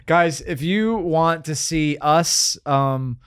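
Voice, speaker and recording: A man's voice: on the high side, takes it slowly, fairly bright tone, smooth. A man hosting a podcast in casual chat, rambling and joking with many restarts. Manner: rambling, self-interrupting, joking. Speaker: podcast host.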